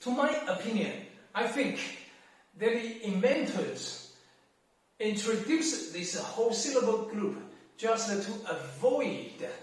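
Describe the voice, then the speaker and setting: Slow, echoey man teaching. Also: high-pitched, far from the mic. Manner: careful, deliberate, drawn-out syllables in demonstrations. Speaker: language teacher. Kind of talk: slow explanatory lesson. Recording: very echoey room, off-mic.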